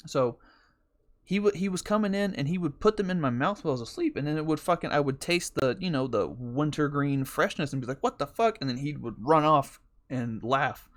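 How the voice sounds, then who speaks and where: A man's voice: on the high side, a little fast. A man hosting a podcast, telling a rambling, profane story in a casual way. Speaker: podcast host.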